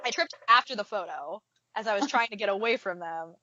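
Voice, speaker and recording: A woman's voice: medium pitch, a little fast, sharp tone, slight background noise. A young woman co-hosting a podcast, telling a self-mocking story with swearing in casual chat. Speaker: podcast co-host. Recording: dry, muffled mic.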